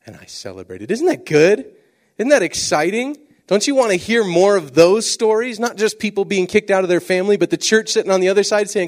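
Male church speaker, lively storyteller, wide swings, hushed asides. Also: sits high, fairly quick. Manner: animated storytelling, drops to near whisper for emphasis. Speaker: missionary speaker. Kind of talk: sermon-style talk with stories.

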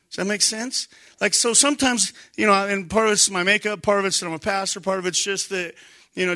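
A middle-aged male pastor preaching a sermon in a conversational, animated way, now and then shouting for emphasis. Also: sits high.

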